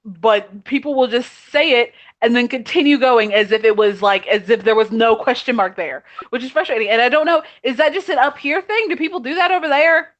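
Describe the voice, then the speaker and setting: A woman with a slightly raised pitch vents about a pet peeve in a casual video-call chat. She talks chattily and with exasperation, acting out little quoted exchanges. The call audio sounds muffled and lo-fi. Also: brisk, few pauses. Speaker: podcast co-host.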